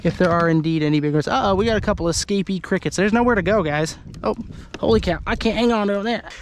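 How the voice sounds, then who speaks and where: A man from Idaho giving excited, chatty commentary to the camera while fishing from a kayak on a lake. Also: high-pitched, quick pace, slight background noise. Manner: excitable, exclaiming, chatty with viewers. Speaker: fishing vlogger. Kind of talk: casual outdoor commentary to camera. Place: kayak on an open lake outdoors. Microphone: handheld camera.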